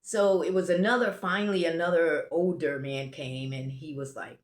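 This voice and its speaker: Low-voiced American woman telling a story. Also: fairly even intonation, normal speed. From United States. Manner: rambling, self-interrupting, restarts. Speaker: travel vlogger. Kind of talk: casual storytelling. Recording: roomy echo.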